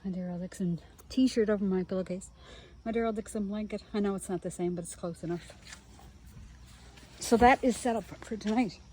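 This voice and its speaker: A woman's voice: mid-range voice, fairly quick, pauses often, a little mellow. A woman talking casually to the camera as she sets up a solo campsite, rambling and chatty. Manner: chatty, rambling, talks to the viewer while working. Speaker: solo camping vlogger. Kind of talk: casual camping vlog. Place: outdoor campground. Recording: outdoor campsite noise. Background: outdoor ambience, passing trains and planes.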